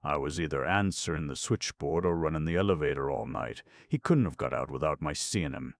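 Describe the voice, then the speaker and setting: A man's voice: rumbling low, a little fast, clean studio sound. A man reading the part of a young hotel hall boy, giving blunt, matter-of-fact answers. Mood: plain.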